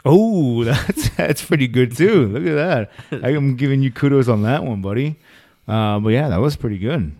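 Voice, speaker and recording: A man's voice: mid-range voice, lively intonation, normal speed, mellow, no room sound, clean studio sound. A young man in casual chat, curious and laughing, prodding his friend with questions. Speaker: conversation partner.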